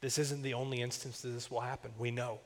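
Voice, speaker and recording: Preaching with a medium pitch, flat delivery, and quick pace, a young campus minister shares personal stories and asides in a conversational sermon. The sound carries the long reverb of a big church hall.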